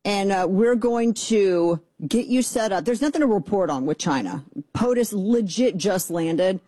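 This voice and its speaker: A middle-aged woman hosting a political talk radio show, sarcastic and exasperated with quick asides. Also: medium pitch, animated, dark tone, no echo.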